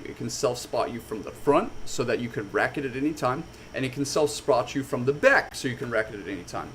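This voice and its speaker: A man telling a story casually on a stream, animated and swearing a lot. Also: mid-range voice, slight background noise.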